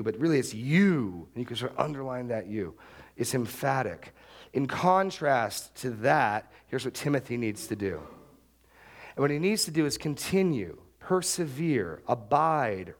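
A middle-aged male pastor preaching an expository sermon, emphatic and repetitive, with sharp upward jumps when he stresses a point. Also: mid-range voice. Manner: emphatic, repeats key phrases, rises sharply for stress.

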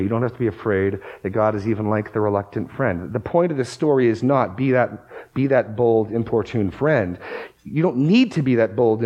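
A man with a lowish, somewhat mellow voice preaches, heard on a low-quality recording. The pastor reads verses aloud with emphasis, steps through scripture passages, and swells into forceful bursts on key words.

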